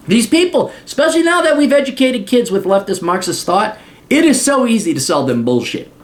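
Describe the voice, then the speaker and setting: A man hosting an advice podcast, talking bluntly and profanely in a ranting monologue with sarcastic, mocking asides. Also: on the high side. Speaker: podcast host.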